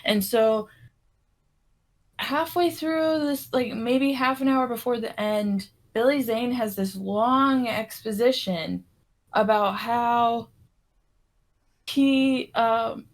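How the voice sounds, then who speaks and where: A woman co-hosts a casual podcast, rambling through a film's plot and acting out the characters' quotes. Her voice is fairly high and slow.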